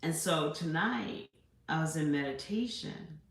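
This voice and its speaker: A middle-aged woman hosting her own spiritual channel, speaking in a slow, reflective, meditative monologue full of pauses. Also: low voice, lively intonation, reverberant.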